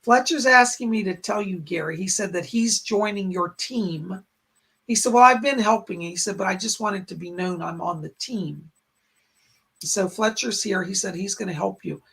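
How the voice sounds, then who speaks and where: Psychic guy on a live stream, voice all raspy and worn, husky and crackly, talks in little halting bits. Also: high-pitched, bright, forceful tone. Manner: short halting phrases, relaying spirit messages. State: strained, hoarse voice. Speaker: psychic medium host. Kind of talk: live-stream chat and readings. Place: home in a rural area.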